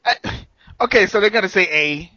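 Man co-hosting a casual podcast, high lively voice, playful teasing banter, dry lo-fi sound. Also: brisk, dry recording. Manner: playful, animated, teasing, laughs a lot. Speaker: podcast co-host. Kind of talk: casual chat.

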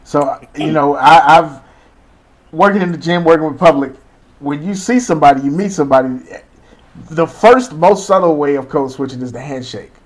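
A man's voice: on the high side, moderate pace. Laid-back man asking questions. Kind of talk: casual chat.

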